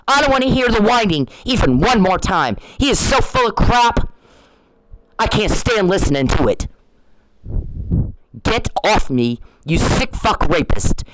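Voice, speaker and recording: A man with a high-pitched, slightly bright voice, a vlogger, unleashes a profane rant straight at someone harassing him, repeating his warnings again and again. The recording is rough, with a little hiss or hum.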